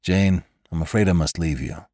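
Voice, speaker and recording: Guy reading a bitter hot-headed young cowboy, deep, clipped, intense lines. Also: moderate pace, a little mellow, dry recording, clean studio sound, lightly acted.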